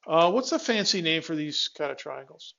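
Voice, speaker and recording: A man with a high voice teaches a physics class in a classroom. He walks students through each step, stops himself mid-word to restart, and keeps checking in with questions. The recording is dull and lo-fi. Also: sing-song, moderate pace, vocal fry, bright, forceful tone. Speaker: physics instructor. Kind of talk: classroom lecture.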